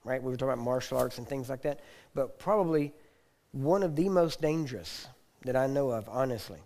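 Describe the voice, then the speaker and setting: A man's voice: mid-range voice, fairly quick, darkish tone. A middle-aged man with a Texan accent, teaching a session in a conversational, joking manner and often checking in with the listeners. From Texas. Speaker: ministry teacher.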